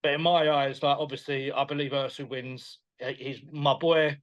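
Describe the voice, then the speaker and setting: A man, a boxing promoter chatting as a guest in an interview, animated and quick to laugh. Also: mid-range voice, muffled recording. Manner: animated, enthusiastic, laughs often, retells dialogue. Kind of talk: casual interview chat.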